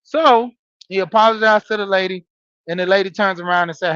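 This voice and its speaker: A man in his forties with a high voice talks straight to his listeners, telling a story in a loose, casual monologue full of "you know"s. The sound is dry and a little dull, with no room around it. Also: steady tone, brisk, fairly bright tone, smooth, dry recording. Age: 40s. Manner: storytelling, talking straight to listeners with frequent fillers. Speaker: podcast host and wrestling coach. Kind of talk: casual monologue, greeting live chat.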